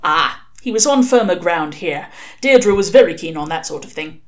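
A woman reading a novel aloud, telling it in an expressive, wry way. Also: fairly low pitch, normal speed. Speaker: reader.

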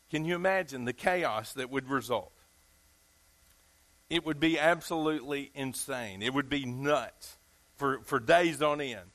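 Preaching with a strikingly high, ringing voice, this Southern US man keeps quizzing his listeners in a folksy, emphatic style. His delivery is expressive and a touch slow, with a bright, pushed quality.

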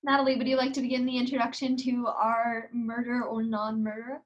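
A woman's voice: on the high side, flat delivery, fairly quick, highs cut off. A teenage girl co-hosting a casual podcast, chatty and playful. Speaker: podcast co-host. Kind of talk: casual chat.

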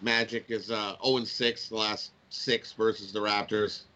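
A man's voice: lowish voice, a little slow, highs cut off. A man co-hosting a casual betting show from home over a video call, giving his picks with lots of hesitant "uh"s. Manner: relaxed, hesitant with many "uh"s. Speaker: sports betting show co-host.

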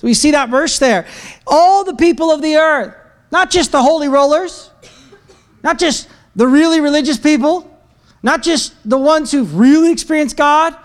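A man preaching a sermon to a church congregation, energetic and joking, breaking into shouted praise. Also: extremely high pitch, normal speed. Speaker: pastor. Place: church sanctuary.

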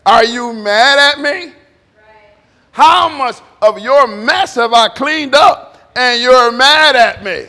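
A man voicing an exasperated God who scolds a sulking believer with drawn-out, incredulous questions. His voice is high and bright. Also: expressive, creaky, in a large hall, exaggerated voice. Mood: scolding.

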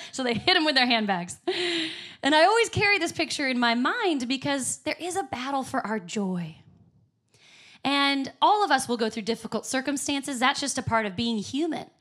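A woman's voice: high-pitched, expressive, normal speed, fairly bright tone. A woman preaching a sermon in church, upbeat and emphatic with frequent laughs. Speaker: pastor.

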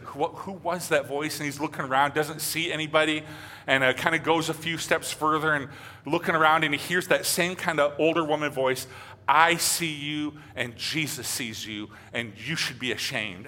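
A man's voice: fairly high pitch, pushed and bright, long reverb tail. A male pastor preaching a sermon in an easy, conversational way, with plenty of fillers. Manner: conversational, loose, with many fillers.

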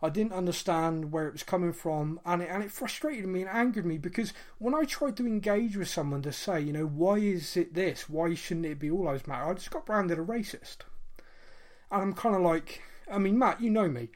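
A man's voice: high-pitched, a little fast. A man in his late thirties, co-hosting a podcast and telling a personal story in an earnest, reflective way, with many fillers and restarts. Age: 30s. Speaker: podcast co-host. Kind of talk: casual podcast chat.

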